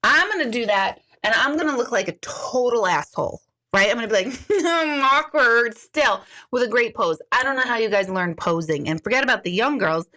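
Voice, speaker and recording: Bright-voiced chatty woman in her forties. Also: expressive, fairly quick. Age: 40s. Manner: chatty, candid, rambling with many fillers; jumps high into exaggerated quoted voices. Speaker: intuitive live streamer. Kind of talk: casual live-stream chat.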